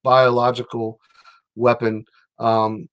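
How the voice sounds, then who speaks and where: A man's voice: medium pitch, level tone, takes it slowly, fairly bright tone. A man hosting a casual livestream, rambling and reading out viewer comments as he talks. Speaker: livestream host.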